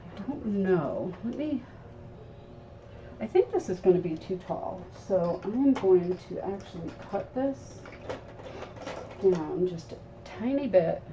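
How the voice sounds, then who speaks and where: A woman's voice: mid-range voice, animated, slow, pauses often, mellow. Chatty woman teaching crafts, distant mic. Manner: chatty, instructive, talks to viewers while working. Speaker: craft show host. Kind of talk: live crafting tutorial. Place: craft table indoors. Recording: dull sound from off-mic with faint noise.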